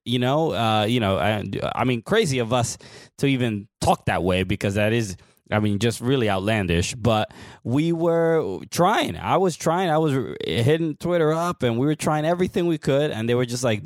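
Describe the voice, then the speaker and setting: A man co-hosting a laid-back soccer podcast, his pitch swinging lively as he talks. He laughs often and stops and restarts his sentences. The sound is dry and close, with no room around it. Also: normal speed, no room sound. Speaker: podcast co-host. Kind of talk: casual chat.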